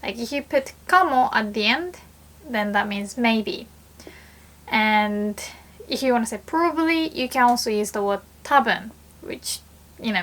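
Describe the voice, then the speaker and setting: Young woman, fairly high voice, casual chatty teacher acting out sample lines. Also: vocal fry. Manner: chatty, acts out example phrases with lively voice shifts. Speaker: Japanese teacher. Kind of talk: casual language lesson.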